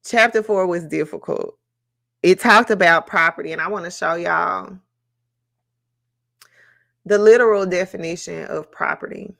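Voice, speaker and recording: A woman hosting a book club discussion on a live stream, speaking in a reflective, emotional way with many pauses and fillers. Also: fairly low pitch, fairly even intonation, vocal fry, fairly bright tone.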